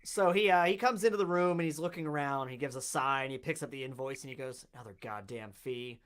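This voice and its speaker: A man's voice: on the high side, steady tone, fast, a bit bright, clean tone. A man running a tabletop game as game master, chatty and laughing often.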